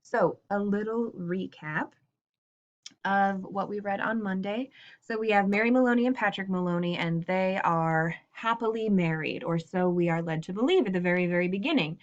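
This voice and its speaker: A woman's voice: medium pitch, normal speed, dull audio. A woman teacher giving a casual lesson, recapping a story with playful asides before reading it aloud. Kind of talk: class lesson with read-aloud.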